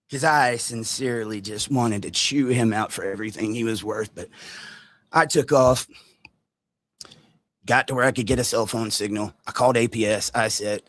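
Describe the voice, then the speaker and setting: A man vlogging a story to his viewers, animated and direct, acting out quotes as he goes. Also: mid-range voice, normal speed, long pauses, no room sound. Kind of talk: storytime vlog.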